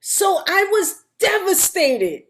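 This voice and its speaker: A middle-aged guest actress with a very high-pitched voice tells a story slowly yet animatedly and casually, acting out other people's voices and laughing often.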